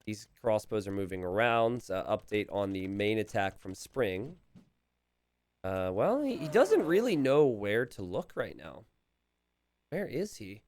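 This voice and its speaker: Lively male strategy game caster. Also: lowish voice, unhurried. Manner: animated, chuckling, calls out to players. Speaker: game commentator. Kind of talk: casting a recorded strategy game match.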